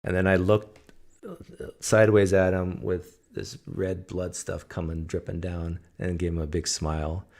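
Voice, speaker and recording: A man's voice: deep voice, little pitch movement, measured pace, a little mellow. A man from Canada hosting a casual livestream, telling stories in a joking, teasing way. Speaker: host.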